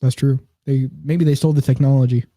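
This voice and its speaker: A man's voice: mid-range voice, fairly even intonation, fairly quick, mellow, no echo, studio quality. A man in casual conversation, laid-back and offhand, swearing casually. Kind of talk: casual chat.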